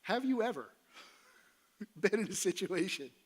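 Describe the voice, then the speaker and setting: In a church sanctuary, a middle-aged male pastor delivers a relaxed, conversational sermon at a measured pace. His slightly rough voice sits a bit higher than most men's, and he playfully acts out the voices of Moses and God as he tells the story.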